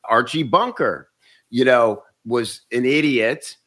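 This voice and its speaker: A comedian and actor telling stories in casual chat, animated and often restarting words. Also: male voice, mid-range voice, slow pace.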